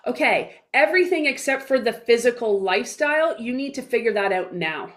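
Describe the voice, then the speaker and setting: Forties woman on an interview, high bright voice, blunt, emphatic, acts out little convos. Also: animated, brisk. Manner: blunt and emphatic, with mild swearing; acts out little dialogues in her stories. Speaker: guest speaker, business coach. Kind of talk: casual interview talk.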